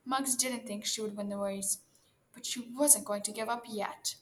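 A woman reading a children's story aloud in a gentle, expressive manner. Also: medium pitch, normal speed.

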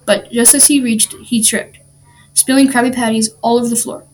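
A woman reading a children's storybook aloud in an animated, expressive way. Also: a little high, normal speed.

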